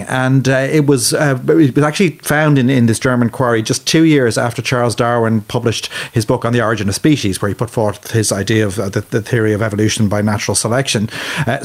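Guy talking fast about birds on the radio, keen and explaining. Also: mid-range voice. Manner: enthusiastic, explanatory. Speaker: bird expert panelist. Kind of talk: radio discussion.

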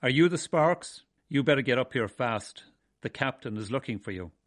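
A man's voice: lowish voice, quick pace, fairly bright tone, husky. A man calling out as an officious ship's steward. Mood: urgent.

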